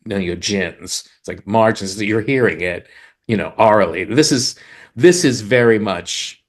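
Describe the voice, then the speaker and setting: A lyricist co-hosting a podcast on songwriting eagerly explains the craft and reads lyrics aloud with rhythm. His voice is lowish and his pace measured.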